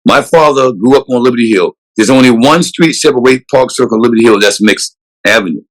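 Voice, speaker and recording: A man's voice: mid-range voice, fast talker, rough recording. A man, a police chief answering interview questions earnestly and emphatically, often restarting his sentences. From South Carolina, USA.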